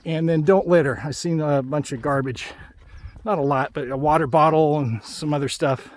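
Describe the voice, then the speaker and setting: A man's voice: fairly high pitch, steady tone, moderate pace. Chatty man hiking outdoors. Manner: chatty, ranting friendly advice. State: out of breath after a hike. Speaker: travel vlogger. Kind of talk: casual vlog talk while hiking.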